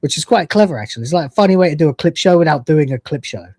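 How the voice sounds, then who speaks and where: A man's voice: a little high, animated, racing, darkish tone, dry recording, studio quality. A man hosting a casual livestream, joking crudely while reading out donations, his throat still sore from being sick. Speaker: livestream host.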